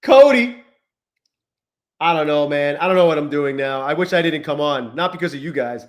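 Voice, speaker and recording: A man in his forties talks loosely to his viewers in a live stream, restless and quick to swear. His voice sits a little higher than most men's. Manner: profane, restless, talks to chat. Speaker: trading livestream host. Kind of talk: casual live-stream chat.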